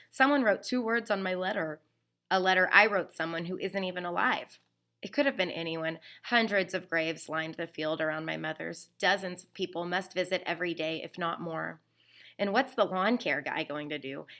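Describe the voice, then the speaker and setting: A woman reading a novel aloud in the first person, expressive and slowing down on the emotional phrases. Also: fairly low pitch.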